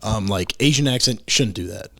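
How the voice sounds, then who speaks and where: A man from Chicago, a stand-up comedian guesting on a podcast, talking in an animated, playful way and laughing often. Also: lowish voice, normal speed, gravelly, dry recording, studio quality. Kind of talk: casual chat. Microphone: camera and studio mic.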